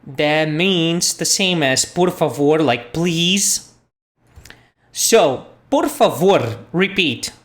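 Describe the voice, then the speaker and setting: A woman's voice: sits low, expressive, extremely slow. A woman teaching a language lesson, patiently repeating phrases for learners. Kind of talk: slow spoken language lesson.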